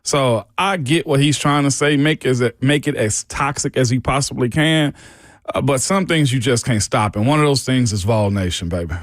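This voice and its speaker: A man co-hosting a sports talk radio show, fiery and animated, full of casual slang. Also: medium pitch, normal speed, no echo, studio quality. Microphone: studio microphone.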